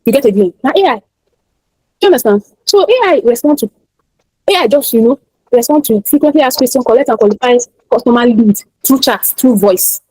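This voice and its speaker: Nigerian woman instructor, rapid emphatic delivery, husky mellow tone, dry close sound, repeats points to drive them home. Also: fairly high pitch, expressive, dry recording, poor audio. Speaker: online class instructor. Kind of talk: teaching a class.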